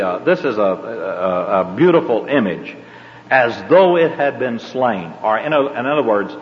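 An older man with a Southern accent teaching a Bible class, rambling and folksy, with frequent hesitations. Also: fairly low pitch. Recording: dull lo-fi tape in a reverberant hall.

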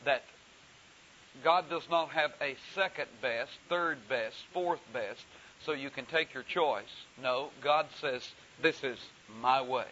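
A man preaching a sermon, telling a story slowly and deliberately with frequent pauses. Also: on the high side, pushed and bright. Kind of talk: sermon with anecdote. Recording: dull hissy recording.

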